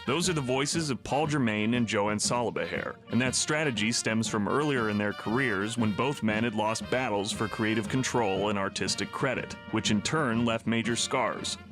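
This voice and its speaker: A man's voice: lowish voice, normal speed, few pauses. Male documentary narrator over music. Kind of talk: scripted narration.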